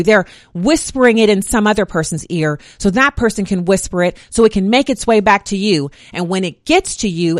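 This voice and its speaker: A woman delivering a faith-based monologue, reciting scripture verses one after another in a steady, emphatic cadence. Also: mid-range voice, dry recording, studio quality.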